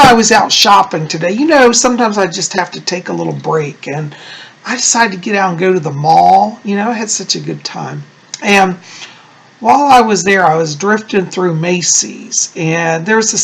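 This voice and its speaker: Gravelly, husky man chatting to camera. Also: high-pitched, a bit bright. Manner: chatty, gushing, rambling asides. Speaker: psychic and Wiccan high priest. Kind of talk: casual chat to camera.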